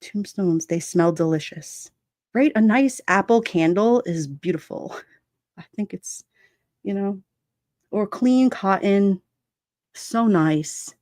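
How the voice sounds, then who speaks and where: Speaking slowly at medium pitch, a mother hosting a livestream chats loosely, reads out viewer comments, laughs a lot and acts out quotes in other voices. Her tone is darkish, and the studio recording is clean with no echo.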